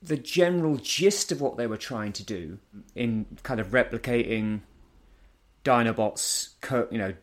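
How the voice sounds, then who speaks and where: Man, mid-pitched voice, casual chat, blunt, argumentative. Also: measured pace.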